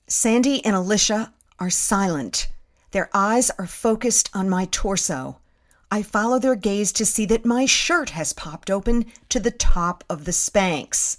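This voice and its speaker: A woman's voice: mid-range voice, expressive, unhurried. A middle-aged woman telling her own story as host, with wry, self-deprecating humor. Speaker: host and narrator. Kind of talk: first-person storytelling narration.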